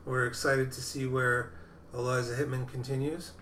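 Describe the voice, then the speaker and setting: A man's voice: medium pitch, level tone, moderate pace, fairly bright tone, echoey room, a little hiss or hum. A man co-hosting a podcast, casually talking about movies in a rambling way that keeps restarting. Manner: rambling, self-interrupting. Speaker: podcast co-host. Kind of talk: casual film chat.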